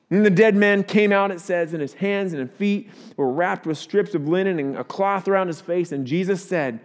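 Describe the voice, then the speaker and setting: High-voiced pastor preaching in a hall. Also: male voice, moderate pace. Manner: earnest preaching, swells louder at key points. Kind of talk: sermon.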